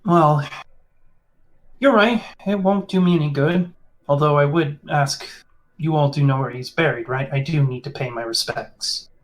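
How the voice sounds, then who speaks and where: A man voicing a formal, courteous male field agent in a tabletop role-play, speaking with polite, measured phrasing. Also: fairly high pitch, natural voice, poor audio. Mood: regretful. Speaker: game master voicing a character.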